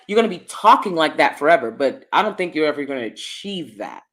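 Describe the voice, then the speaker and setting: A woman's voice: deep voice, big pitch swings, fast talker. Emphatic woman vlogging from home. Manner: emphatic, repeats lines for effect. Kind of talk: opinionated commentary to viewers. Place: downstairs at home at night.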